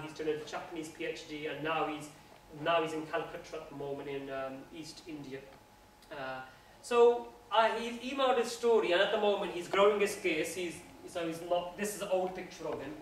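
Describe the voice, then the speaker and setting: A man with a fairly high voice gives an earnest, conversational religious talk to a student audience. He is heard from some distance in a very echoey room, with faint noise behind him. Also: moderate pace. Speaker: guest speaker at a university society.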